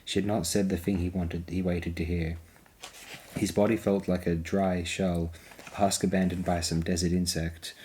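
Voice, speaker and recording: A man narrating an audiobook in a slow, deliberate, measured reading. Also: low-pitched, level tone, dark tone, slight background noise.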